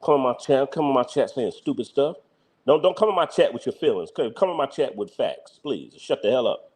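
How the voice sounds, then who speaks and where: A man's voice: mid-range voice, lively intonation, a little fast, darkish tone. A man with a Philadelphia accent, hosting a live reaction stream, bluntly ranting and scolding his chat. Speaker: livestream host.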